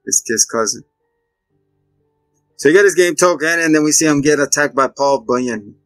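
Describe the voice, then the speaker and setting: A man hosting a casual movie review chat, retelling scenes in an animated way and acting out the characters. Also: fairly high pitch, moderate pace, no echo, faint music behind. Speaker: movie review show host.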